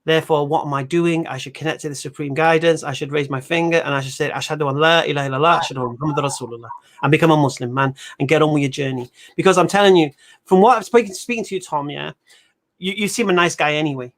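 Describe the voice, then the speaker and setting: Fast-talking animated man. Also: on the high side. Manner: animated storytelling with voiced quotes. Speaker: host. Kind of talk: livestream debate chat.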